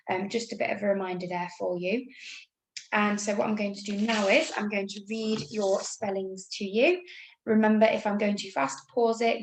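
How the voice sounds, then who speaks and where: An English woman teacher reads out a spelling test for children, upbeat and patient as she spells words out letter by letter. Her voice has a gravelly edge and sits in a middling register. The sound is echoey, as if in a bare room. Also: medium pitch. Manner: upbeat, talks slowly through spelling rules. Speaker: primary school teacher. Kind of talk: remote spelling lesson.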